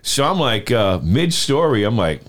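Animated storytelling man, lively pitch. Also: moderate pace. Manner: animated, swearing, laughs while telling stories. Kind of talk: casual storytelling chat.

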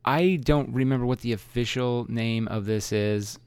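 A man's voice: mid-range voice, normal speed, a little mellow, clean tone, no room sound. A man hosting a live comedy podcast, rambling and self-deprecating, laughing easily. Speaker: podcast host. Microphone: podcast mic.

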